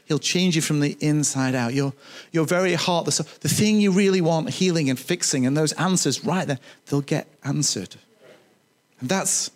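A male pastor gives an animated, conversational sermon in a church, with joking asides to the congregation. He speaks at a fairly high pitch.

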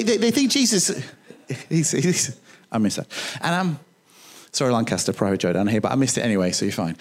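A male pastor delivers an animated, talkative sermon to a church congregation, sprinkled with funny asides. His voice sits high.

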